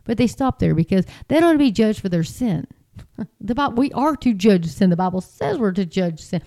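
A woman's voice: medium pitch, lively intonation, moderate pace, warm tone. A woman talking in a casual, rambling way, full of fillers and restarts, sounding exasperated and incredulous. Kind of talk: casual commentary.

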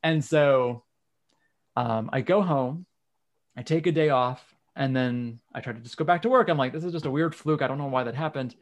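A man's voice: mid-range voice, moderate pace. A man, candidly telling a personal story in casual conversation. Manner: candid, frank, occasional swearing. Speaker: guest.

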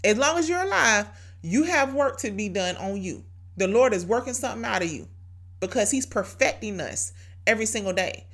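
A woman hosts a devotional podcast, exhorting listeners in a chatty, preachy style full of rhetorical questions and repeated key phrases. Her voice is medium-pitched and a bit bright, with lively intonation and a brisk pace.

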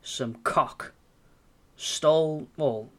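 A young man telling a story in casual chat, animated, sweary and self-mocking. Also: a little high, drawn-out words. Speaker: podcast co-host.

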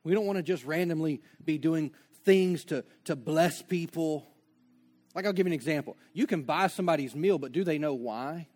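A man's voice: on the high side, moderate pace, a little mellow. A man preaching a sermon as pastor, conversational, with joking asides and acted-out dialogue.

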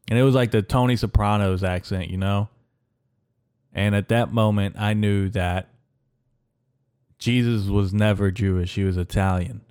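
A man hosting a podcast in a rambling, deadpan comedic monologue, halting with fillers. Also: lowish voice. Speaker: podcast host.

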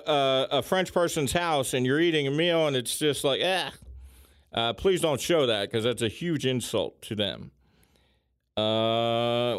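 A man hosting a casual chat, talking in a chatty way with lively emphasis and frequent filler ums. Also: a little high, clear, resonant tone, dry recording, studio quality.

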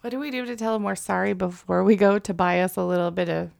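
Gravelly-voiced woman podcast co-host. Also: medium pitch, steady tone, a little mellow, no echo, clean studio sound. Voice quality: gravelly, smoker-like voice. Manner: teasing, quick quips, laughs often. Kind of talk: casual chat.

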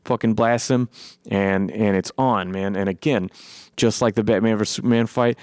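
A man excitedly recapping a film in a rambling, profane way, his voice worn from long talking. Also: lowish voice, moderate pace, clean tone, dry recording, clean studio sound. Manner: enthusiastic, profane, rambling with many fillers. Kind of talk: excited movie recap monologue.

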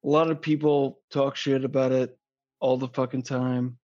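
A man's voice: mid-range voice, level tone, normal speed, warm tone. A man chatting casually as a podcast guest, joking crudely and rambling. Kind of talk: casual chat. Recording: dull lo-fi sound.

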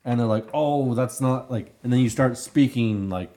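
A man's voice: mid-range voice, normal speed, warm tone. A man co-hosting a podcast, talking in a rambling way with many "like"s. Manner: rambling, heavy use of "like". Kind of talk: casual podcast chat.

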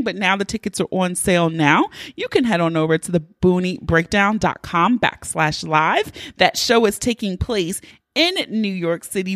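A woman's voice: medium pitch, fairly bright tone, no room sound, studio quality. Chatty, profane woman podcast host. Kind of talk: casual solo podcast intro.

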